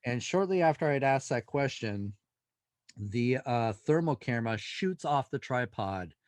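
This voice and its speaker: A male paranormal investigator, a guest in an interview, telling a story in an animated way and acting out the dialogue. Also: medium pitch, unhurried, no echo.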